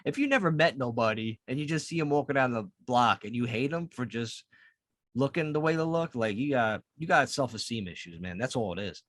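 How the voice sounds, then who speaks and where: A man's voice: mid-range voice, animated, a little fast, fairly bright tone, no room sound, studio quality. Profane ranting man. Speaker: podcast co-host. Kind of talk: casual podcast chat.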